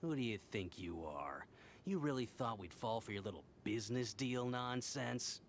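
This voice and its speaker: A man's voice: medium pitch, expressive, normal speed, a little hiss or hum, natural voice. A man playing a sly tavern schemer. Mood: mocking. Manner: smooth, taunting. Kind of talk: game voice acting.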